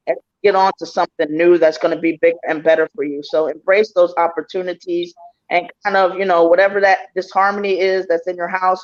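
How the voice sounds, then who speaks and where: A man giving a casual spiritual reading, speaking hesitantly with many pauses and fillers. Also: sits high, muffled recording. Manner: hesitant, many ums, reflective. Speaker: tarot reader and co-host.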